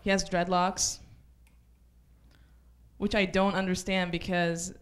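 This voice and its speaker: Israeli woman doing dark open-mic stand-up. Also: on the low side, flat delivery, slow pace. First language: Hebrew. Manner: dark offhand jokes with many "like" fillers. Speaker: stand-up comedian. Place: small comedy club stage.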